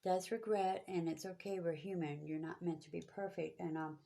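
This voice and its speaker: A woman's voice: lowish voice, fairly even intonation, normal speed, gravelly, dark tone. A woman giving spiritual guidance to viewers, talking in a preachy, repetitive, emphatic way. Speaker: spiritual reader.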